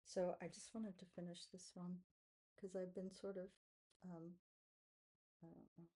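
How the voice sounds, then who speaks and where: A woman talking to camera as she paints, musing aloud in a soft, unhurried way. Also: on the low side, level tone, slightly rough, poor audio. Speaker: artist vlogger. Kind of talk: casual art-making vlog, talking to camera.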